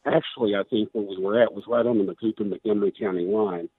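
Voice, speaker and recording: A man's voice: on the low side, steady tone, quick pace, slightly rough, no room sound. A man, a candidate for governor, making his case emphatically in a radio interview while losing his voice. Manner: emphatic, persuasive, with many restarts. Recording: tinny phone line, dry.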